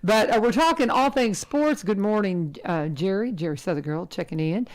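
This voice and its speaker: A middle-aged woman hosting a casual radio chat, talking in a chatty, animated way and laughing often. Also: medium pitch, moderate pace. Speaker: radio host.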